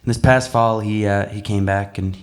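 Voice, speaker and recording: A man's voice: fairly low pitch, moderate pace. Laid-back man telling stories. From Newfoundland, Canada. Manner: relaxed, chatty, laughing asides. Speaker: singer-songwriter and storyteller. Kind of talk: live stage storytelling between songs. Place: small live listening-room venue.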